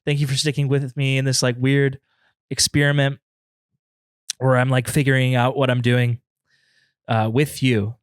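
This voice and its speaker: A man's voice: medium pitch, flat delivery, normal speed, long pauses, smooth, no room sound, studio quality. A man hosting a comedy podcast alone in his apartment, rambling and self-deprecating, turning emotional now and then. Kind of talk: improvised comedy podcast monologue.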